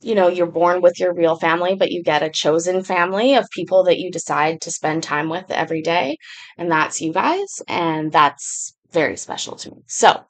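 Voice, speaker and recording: A woman's voice: on the low side, moderate pace. A woman hosting a casual livestream, chatting with viewers and answering their comments as they come in. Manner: chatty, rambling, reads and answers chat comments aloud. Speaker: livestream host.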